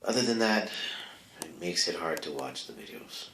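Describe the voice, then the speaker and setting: Man, comic advice host, low voice, rambling asides, close mic, bare echoey room. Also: sing-song, moderate pace, vocal fry, fairly bright tone, slight background noise. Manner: rambling and offhand, full of asides and mic checks. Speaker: comedic advice-column host. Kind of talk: rambling comedic monologue. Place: small home studio with no insulation. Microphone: close microphone.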